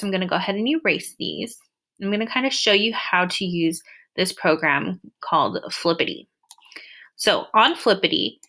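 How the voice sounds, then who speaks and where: A young woman teacher walking through a screen-recorded lesson, patiently explaining and drawing out example words slowly. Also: medium pitch, a bit bright.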